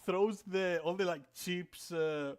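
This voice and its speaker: A male game master narrates a tabletop game in a loose, casual way. He fills his talk with fillers and swears freely, and his voice is a little high. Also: slow pace, clean tone.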